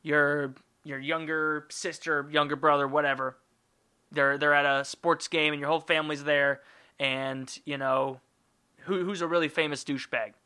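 A man's voice: fairly high pitch, little pitch movement, normal speed, sharp tone, clean tone. A man hosting a podcast alone, rambling in a jokey, profane way. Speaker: podcast host. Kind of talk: casual solo monologue.

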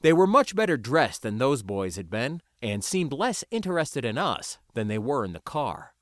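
A man narrates a first-person adventure story with a wry, lively storytelling manner. His pitch moves around a lot as he reads. The recording is close and dry, with no room sound. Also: moderate pace, dry recording. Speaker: audiobook narrator.

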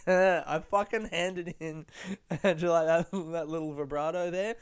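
Brief: young Aussie guy, smooth clear voice, slightly high, loose sweary solo podcast ramble. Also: unhurried. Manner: rambling, sweary and self-mocking. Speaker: podcast host. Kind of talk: casual solo podcast chat.

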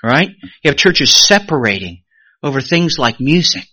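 A pastor delivering a sermon, his voice leaping high and loud on a point and then sinking to a low near-whisper. He brings the congregation's voices to life as he quotes them. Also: moderate pace, slightly rough, no room sound. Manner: animated preaching with sudden rises and hushed drops.

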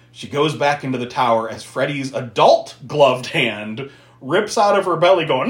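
A man's voice: mid-range voice, expressive, normal speed. A man hosting a podcast, casually recapping a film, swearing and laughing often as he tells it. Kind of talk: casual movie recap chat. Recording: echoey room.

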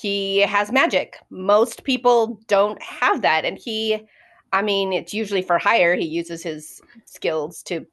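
A woman's voice: medium pitch, slow, fairly bright tone. A woman co-hosting a casual book-discussion podcast, talking animatedly and acting out quotes, with frequent fillers. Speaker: podcast co-host. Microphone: remote call mic.

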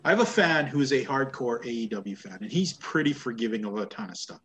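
A man's voice: mid-range voice, expressive, fast, fairly bright tone, slight background noise. A man from Canada hosting a casual wrestling review podcast, blunt and sarcastic, often laughing at what he describes. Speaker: podcast host.

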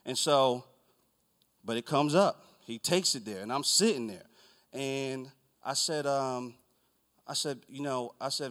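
A man's voice: mid-range voice, expressive, moderate pace, a bit bright. A man pastor preaching a sermon as a rambling, conversational story, acting out dialogue.

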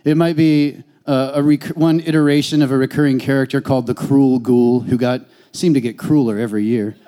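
A man telling a fond personal story on stage, in a relaxed, wry way. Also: mid-range voice, brisk, clear, resonant tone.

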